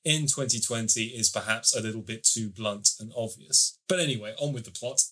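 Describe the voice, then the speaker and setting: A man's voice: fairly low pitch, a little fast, sharp tone. A man co-hosting a podcast, casually summarizing and reviewing a TV series at length, with the odd swear. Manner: chatty, swears casually, long plot summaries.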